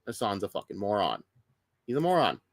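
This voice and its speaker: A man's voice: fairly low pitch, huge pitch swings, a little fast, heavy background noise. A man ranting in casual stream commentary, profane, heated and sarcastic. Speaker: streamer reacting to news.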